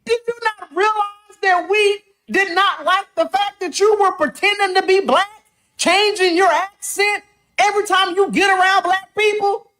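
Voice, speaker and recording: A woman's voice: very high voice, fairly even intonation, normal speed, a bit bright. A woman in a played clip, mocking and scolding someone in a sassy, repetitive way.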